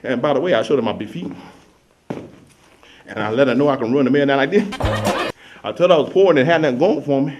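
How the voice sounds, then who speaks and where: A man's voice: mid-range voice, fast, pauses often, over music. A man telling a rambling, repetitive comic story to an audience. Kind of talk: comedic story monologue. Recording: dull lo-fi recording.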